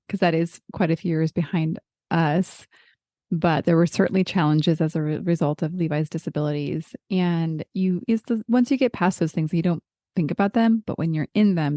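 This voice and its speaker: A woman's voice: deep voice, moderate pace, warm tone, no room sound, clean studio sound. A middle-aged woman hosting a group discussion, talking in a chatty, encouraging way and thinking aloud as she goes. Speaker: podcast host leading a group call.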